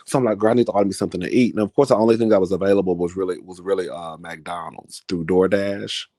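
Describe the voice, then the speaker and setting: A man's voice: low voice, fairly even intonation, quick pace, mellow, no echo, studio quality. A man vlogging in a casual, chatty storytelling style, dramatic and full of asides. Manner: chatty, dramatic, keeps calling listeners "girl".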